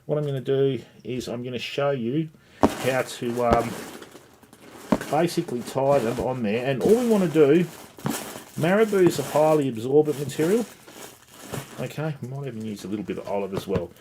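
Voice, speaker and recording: A middle-aged man hosts a relaxed livestream on fly tying, chatting with viewers as he works and greeting them by name, with plenty of "mate" and "okay." His mid-range voice is animated, moderately paced, and full of pauses. Background noise can be heard.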